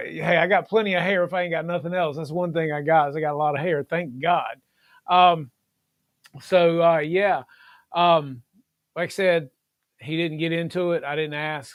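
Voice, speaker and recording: A man's voice: fairly high pitch, no echo. A middle-aged man hosts a casual livestream, talking in an earnest, rambling way full of fillers. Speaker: livestream host.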